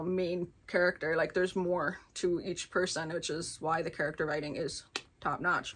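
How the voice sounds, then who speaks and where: A woman giving a casual, rambling book review, full of filler words and quick laughs. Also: lowish voice, fairly bright tone. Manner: chatty, rambling, many filler "like"s, laughs often.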